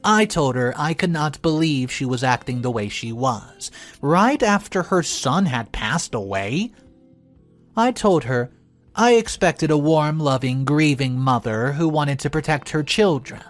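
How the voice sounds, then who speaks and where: A woman telling a first-person story aloud, expressive, her voice jumping up for quoted lines. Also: low voice, a little slow, faint music behind.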